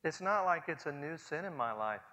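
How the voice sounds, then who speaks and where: A man in his forties preaching a sermon earnestly, swinging between hushed and loud passages. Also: fairly high pitch, animated, moderate pace. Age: 40s. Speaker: pastor. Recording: long hall reverb.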